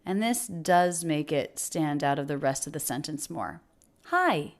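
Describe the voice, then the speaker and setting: Lower-voiced woman teaching pronunciation. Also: a little mellow. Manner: repeats words slowly to model sounds. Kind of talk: pronunciation lesson.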